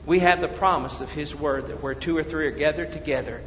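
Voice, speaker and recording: A male pastor preaching an evangelistic sermon, swinging from loud urgent appeals to hushed prayer. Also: a little high, fairly quick. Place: church sanctuary. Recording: dull echoey church hall recording with faint noise.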